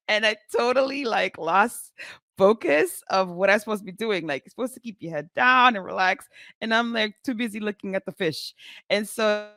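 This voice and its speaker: A woman in her forties, a physician hosting her own show, telling a story in a chatty, animated way with many fillers. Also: mid-range voice, moderate pace, dry recording, studio quality. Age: 40s. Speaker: physician podcast host. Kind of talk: casual storytelling to camera.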